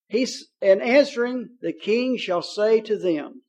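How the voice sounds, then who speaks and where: High-voiced man preaching a folksy sermon. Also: lively intonation, a little mellow. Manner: folksy and conversational, paraphrasing scripture in plain talk; reads scripture aloud, slowing on key phrases.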